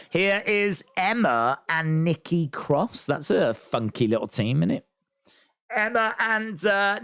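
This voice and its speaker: A man hosting a live watch-along stream, chatting, reading viewer comments aloud and thinking out loud with many restarts. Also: on the high side, vocal fry, dry recording, studio quality. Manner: rambling, thinking aloud, reads chat comments. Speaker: wrestling watch-along host. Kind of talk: live-stream reaction chat.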